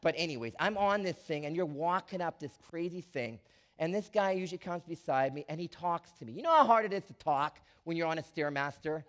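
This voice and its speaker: A man preaching a sermon as a pastor, animated, swinging from quiet asides to loud emphatic lines with frequent restarts. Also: on the high side, a little fast.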